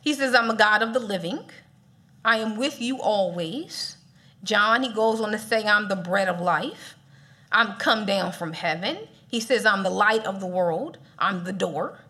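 A woman's voice: mid-range voice, a little slow, bright, forceful tone. A woman preaching a casual, playful sermon, laughing often as she talks.

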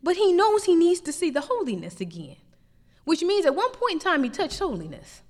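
A woman preacher delivering a lively, emphatic sermon. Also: extremely high pitch, brisk, big-room sound. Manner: animated preaching with rising emphatic peaks.

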